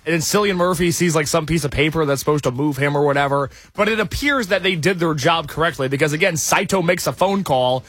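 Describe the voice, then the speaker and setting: A man's voice: on the high side, fast, few pauses, a bit bright, no echo. A man co-hosting a casual movie podcast, talking with wry, exasperated humor. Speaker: podcast co-host reviewing a movie. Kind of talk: casual chat.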